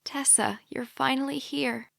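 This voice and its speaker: An eerily calm young woman, a brainwashed older sister from an audiobook, voiced by a woman narrator. Her light voice sits fairly high and runs flat and robotic, in a dry, close sound. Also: normal speed, creaky, no echo. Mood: soft soothing.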